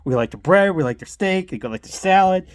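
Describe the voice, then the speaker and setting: A man's voice: high voice, lively intonation, a little fast, dry recording, studio quality, voice pushed up. A man voicing his easygoing, polite father, who rambles while explaining.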